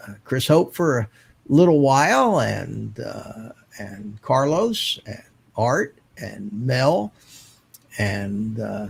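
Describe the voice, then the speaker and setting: A man's voice: medium pitch, creaky, slightly rough. An older man hosting a live online drone show, chatting casually and thanking viewers one by one. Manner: relaxed, chatty, thanks chat members by name. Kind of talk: casual live-stream chat.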